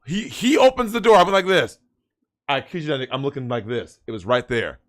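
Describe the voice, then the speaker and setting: A man's voice: mid-range voice, expressive, a little fast. Man, casual storyteller, repeats himself, swears. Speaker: guest. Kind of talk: casual chat, telling a story.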